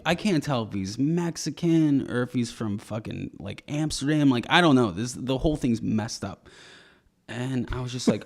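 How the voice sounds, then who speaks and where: A man's voice: medium pitch, animated, normal speed, gravelly. A young man on a podcast, telling a rambling comedic story, laughing often and acting out the voices of people in it. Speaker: podcast co-host.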